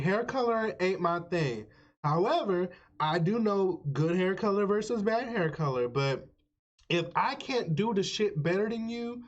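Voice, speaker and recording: A man streaming live, chatting casually with his viewers, animated and swearing freely as he reacts to a video. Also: high-pitched. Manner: animated, swearing, talks to chat. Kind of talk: casual chat. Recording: dull lo-fi stream audio.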